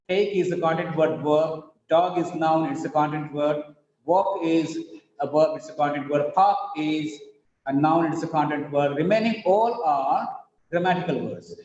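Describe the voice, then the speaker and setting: A man with an Indian English accent teaching an online English class, drilling words slowly and with emphasis. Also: a little high, a little mellow, a little hiss or hum. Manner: slow, emphatic word-by-word drilling. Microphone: video call. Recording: roomy, dull online class audio.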